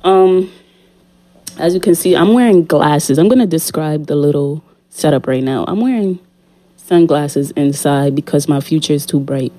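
A woman with a low, mellow voice hosts her podcast in a loose, chatty monologue. She is a little out of breath, talks straight to her listeners and often repeats her lines playfully. Her voice comes through a studio mic. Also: moderate pace. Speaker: podcast host. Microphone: studio condenser mic.

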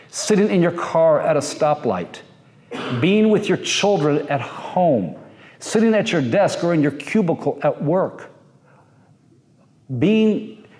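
A man's voice: on the high side, a little mellow. A man giving a sermon in a reflective manner, building his points in short, repeated phrases. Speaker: pastor. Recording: long reverb of a large hall.

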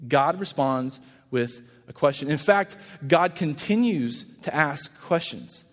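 A man's voice: on the high side, slow. Guy pastor preaching, talks like he's chatting, does voices for quotes, big echoey church sound. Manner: conversational, acts out quotes in lively voices. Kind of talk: sermon.

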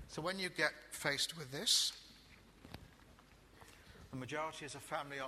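A man preaching a sermon to a congregation, chatty and lively, with jokey asides and sudden quiet emphasis. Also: mid-range voice, big-room sound, slight background noise.

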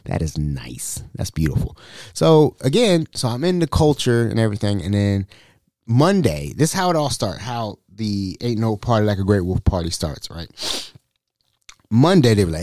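Lively thirties man telling stories. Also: on the low side, moderate pace, no room sound, studio quality. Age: 30s. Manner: animated, acts out every quote in voices. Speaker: podcast host. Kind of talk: casual storytelling.

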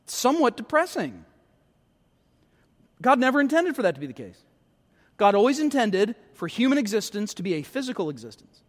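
A man preaching as a pastor, animated, asking the congregation rhetorical questions and repeating points for emphasis. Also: high voice, brisk, pauses often, in a large hall. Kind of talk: sermon.

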